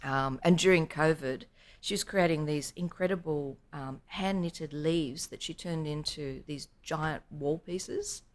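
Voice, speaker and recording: A woman's voice: low voice, measured pace. A middle-aged woman, a guest on a podcast interview, telling stories animatedly. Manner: animated storyteller who acts out quotes.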